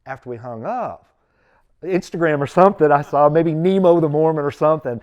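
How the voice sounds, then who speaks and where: Man, interview host, animated storyteller, acts out voices. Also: a little high, fairly quick, highs cut off. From East Tennessee. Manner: lively storyteller who acts out quoted voices. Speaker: podcast host, former bishop. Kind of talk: casual in-person interview.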